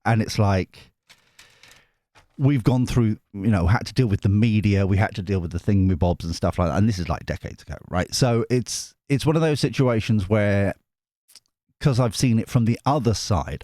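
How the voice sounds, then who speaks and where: A man's voice: lowish voice, moderate pace, mellow, no echo. A man hosting a tarot channel, chatting casually to camera in a rambling, jokey way that keeps interrupting itself. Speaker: tarot reader and channel host.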